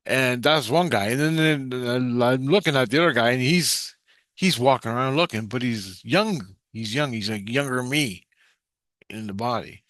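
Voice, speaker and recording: A man telling a rambling, profanity-laced story in a vlog, getting excited and then dropping low. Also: normal speed, dry recording, clean studio sound. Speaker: vlogger recounting a vision. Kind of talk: rambling spoken monologue.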